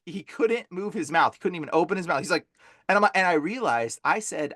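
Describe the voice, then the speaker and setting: A man with a high, bright voice tells a story in casual talk, his pitch leaping up and down. He keeps dropping "like" and "bro". The sound is dry and close. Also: a little fast, dry recording. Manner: animated, fillers like "like" and "bro". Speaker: guest, deliverance minister.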